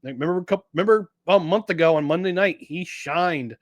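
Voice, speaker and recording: A man co-hosting a sports podcast in casual chat, animated and jokey, often restarting his sentences. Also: high voice, brisk, dry recording. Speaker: podcast co-host.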